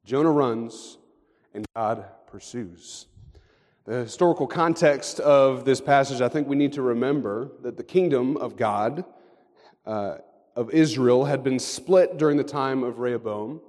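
Pastor preaching in a reverberant hall. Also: male voice, mid-range voice, unhurried. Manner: storytelling, dropping to quiet endings. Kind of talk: sermon.

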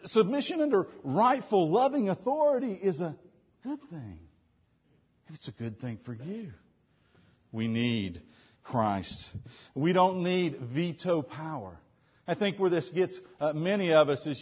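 A man in his thirties preaches from the pulpit in a husky, slightly raised voice. His delivery is emphatic and animated, rising to loud declarations and dropping to near-quiet asides. The church recording sounds dull and lo-fi. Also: a little high. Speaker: pastor. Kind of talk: sermon.

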